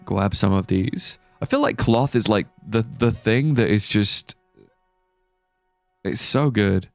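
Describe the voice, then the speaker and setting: A man's voice: on the low side, slow, no room sound, soft background music. A young man streaming a game, chatting casually and thinking aloud as he plays. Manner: rambling, thinking aloud with fillers. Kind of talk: casual live-stream chat.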